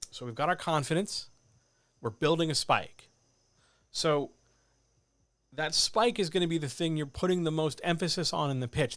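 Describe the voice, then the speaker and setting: A man coaching writers in a livestreamed talk, animated and addressing listeners directly, with muttered asides to himself. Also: on the high side, no room sound. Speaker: writing coach. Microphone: desk microphone.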